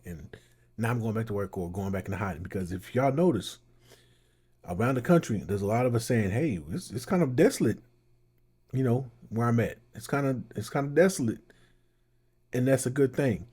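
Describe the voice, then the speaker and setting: A man's voice: lowish voice, darkish tone, husky. A man hosting a casual reaction commentary, talking loosely and rambling. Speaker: commentary host.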